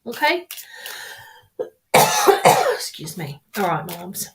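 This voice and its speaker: Woman, tarot reader, live stream, rambling, repetitive, affectionate, mid-pitched. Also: normal speed, heavy background noise. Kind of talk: live-streamed psychic reading.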